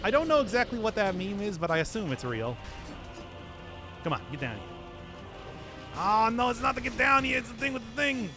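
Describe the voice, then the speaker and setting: This game streamer, a man from the Midwest with the region's accent, rambles and giggles through relaxed commentary, laughing a lot. His high, sing-song voice runs a little fast, broken by long pauses, with music in the background.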